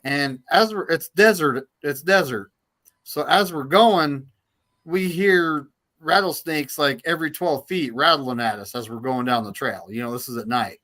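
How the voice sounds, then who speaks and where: A man's voice: a little high, normal speed, pushed and bright. A man in casual chat, telling an anecdote in an easygoing way.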